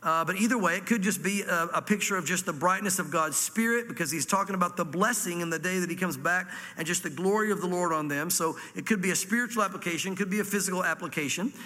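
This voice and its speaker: A man's voice: sits high, fast talker, few pauses, bright, forceful tone, big-room sound. A man from Virginia with a Southern accent, a pastor teaching a sermon through scripture with folksy asides. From Virginia, USA. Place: church hall before a congregation.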